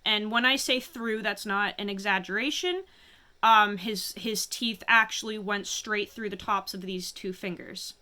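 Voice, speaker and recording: A woman telling a painful personal story to camera, halting and emotional, often stopping to steady herself. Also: mid-range voice. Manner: halting, emotional, many restarts and pauses. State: fighting back tears. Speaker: vlogger.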